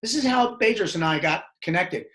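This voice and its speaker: A man's voice: high voice, a little fast. A middle-aged man, telling rambling, profane stories as a podcast guest. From Baltimore, Maryland. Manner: profane, rambling, animated storytelling. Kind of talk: casual storytelling interview.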